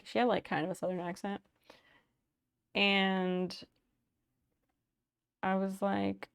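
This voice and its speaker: A woman's voice: medium pitch, little pitch movement, takes it slowly, vocal fry, long pauses, smooth. A woman streamer in casual live chat, thanking viewers by name, telling stories and swearing casually.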